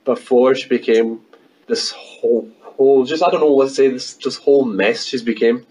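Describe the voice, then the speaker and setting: A man's voice: mid-range voice, moderate pace, warm tone, husky, low-quality recording. A young man with a Scottish accent, a podcast guest chatting in a laid-back, joking way and laughing a lot. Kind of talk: casual chat.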